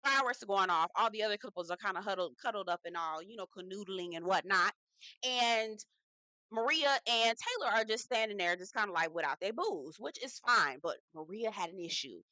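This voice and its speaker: A woman's voice: mid-range voice, lively intonation, fairly quick, sharp tone, dry recording. Sassy woman recapping a show. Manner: sassy, slangy, talks straight to viewers. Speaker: reality TV recap host. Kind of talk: casual review commentary.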